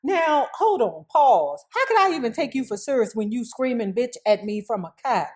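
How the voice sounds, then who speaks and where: Woman host, slightly high voice, reads a memoir aloud with blunt, profane asides. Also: big pitch swings, moderate pace, hardly any pauses, darkish tone. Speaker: YouTube host reading a memoir. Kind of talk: reading aloud with commentary.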